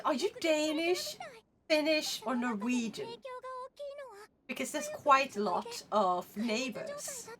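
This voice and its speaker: A woman's voice: sits high, big pitch swings, slow pace, crowd noise. A woman from Sweden with a Swedish accent, chatting casually with live viewers as a streamer, blunt and laughing often.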